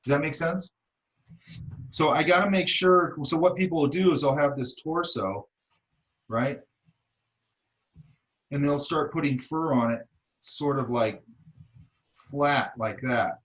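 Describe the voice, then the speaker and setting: The recording is rough, and the man's fairly high, slightly bright voice moves slowly with long pauses. A middle-aged art teacher, he offers blunt, casual critique and keeps checking in, repeating "okay" and "does that make sense."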